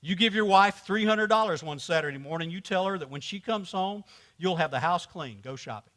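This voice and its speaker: A man's voice: high voice, lively intonation, fairly quick, fairly bright tone. A man teaching a men's class at church in a joking, conversational way, quizzing the audience and laughing often. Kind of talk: humorous teaching to a men's group.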